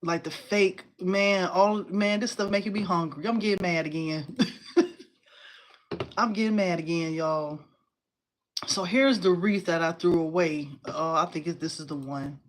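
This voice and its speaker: A woman in her forties hosting a casual crafting livestream, chatty and animated, talking to viewers and reading their comments. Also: lowish voice, unhurried. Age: 40s. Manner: chatty and animated, addresses viewers as y'all, laughs often.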